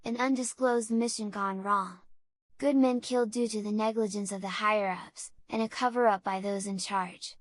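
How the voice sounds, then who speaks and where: A woman narrating a horror story in a steady, measured way. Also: medium pitch, no echo.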